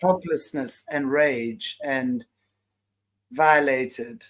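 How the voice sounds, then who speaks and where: A woman hosting an interview, answering in an emotional, halting way with many restarts. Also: very deep voice. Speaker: host. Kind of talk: interview conversation.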